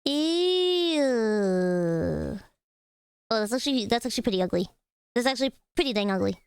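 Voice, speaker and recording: A woman's voice: on the high side, racing, smooth, dry recording. A young woman livestreaming, chatting casually with her viewers, swearing freely and giggling. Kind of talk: casual reaction stream chat.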